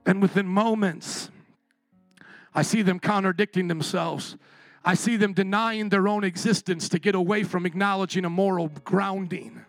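An impassioned pastor preaching, his voice high for a man and rough with gravel. He swings between soft, tender passages and loud calls to the congregation. The sound is dry, with faint music underneath. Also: normal speed, no room sound. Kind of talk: sermon.

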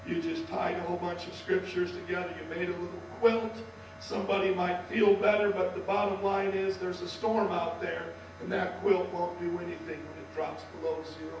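A man preaches with a high, strained voice that sounds worn. He builds to shouts for emphasis. He is heard from a distance in a very echoey hall with a faint electrical hum. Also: little pitch movement, normal speed, lo-fi sound. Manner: impassioned, swings to shouting for emphasis. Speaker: pastor. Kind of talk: sermon.

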